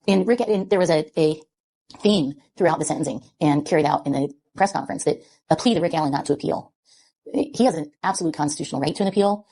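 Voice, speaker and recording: A woman giving a public statement in an earnest, measured way. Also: sits low, warm tone. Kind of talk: public statement on a court case.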